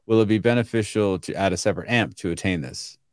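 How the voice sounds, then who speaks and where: A man's voice: fast, dry recording. A man co-hosting a podcast who laughs easily and reads audience questions aloud in a casual way. The sound is dry and close. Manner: laughs easily, can switch into a pushy salesman pitch. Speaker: podcast co-host. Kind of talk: casual chat.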